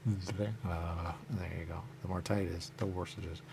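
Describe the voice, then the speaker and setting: A man's voice: low voice, little pitch movement, a little slow, creaky, background noise. A man hosting a radio show, talking in a rambling, repetitive solo monologue and saying the same catchphrase again and again. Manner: repetitive, drifting, says "there you go" often.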